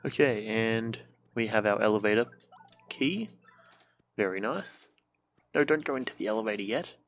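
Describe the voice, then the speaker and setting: A man's voice: fairly low pitch, moderate pace. A young man streaming a video game from a room at home, casual let's-play commentary, joking, swearing and making silly sound effects.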